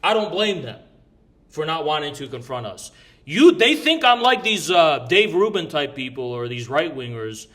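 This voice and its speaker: Brash, profane man with a bright voice. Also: a little high, sing-song, moderate pace. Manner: rambling with restarts. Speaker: podcast guest recounting an event. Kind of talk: casual storytelling chat.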